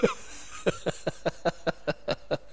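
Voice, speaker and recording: Slow, emphatic male preacher. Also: a bit bright. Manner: emphatic preaching with sudden rises in pitch and volume; repeats phrases for emphasis. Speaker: pastor. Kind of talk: sermon.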